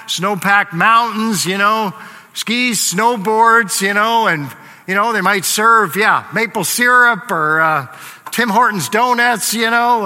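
Male pastor, high voice, very bright tone, chatty sermon, echoing church hall. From Canada. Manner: conversational, filler-heavy, jokes with the congregation. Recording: long hall reverb.

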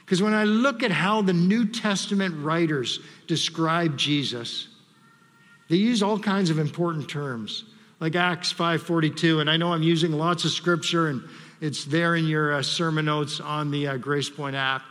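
A man delivers a measured sermon from the pulpit, pausing to read scripture and ask the congregation to repeat key words. His voice sits high and sounds bright and forceful. The sanctuary adds a long, ringing reverb. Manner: measured preaching, reads scripture aloud, leads congregation call-and-response. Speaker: pastor. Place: church sanctuary.

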